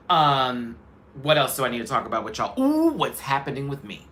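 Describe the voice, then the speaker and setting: Sassy, animated male show host. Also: mid-range voice, normal speed, a little hiss or hum. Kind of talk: casual commentary.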